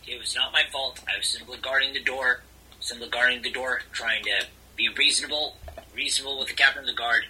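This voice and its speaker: A man's voice: mid-range voice, steady tone, a little fast, bright, forceful tone, slight background noise, low-quality recording. A man playing his character in a tabletop role-play, explaining himself with stammering, repeated restarts. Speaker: player.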